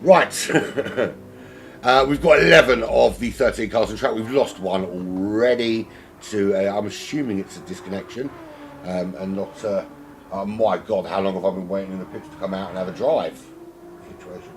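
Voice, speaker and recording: Low-voiced south london guy doing solo race commentary from home, rambly and jokey, hiss in the background. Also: moderate pace. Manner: rambling, self-mocking, chatty asides. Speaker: sim racing commentator.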